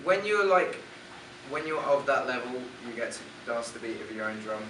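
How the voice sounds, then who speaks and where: A young English man speaks as a guest in a casual radio interview. He rambles in a relaxed way and restarts his sentences often. The recording is roomy and distant, with noticeable background noise. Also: mid-range voice, moderate pace. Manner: relaxed and rambling, with false starts. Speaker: musician guest.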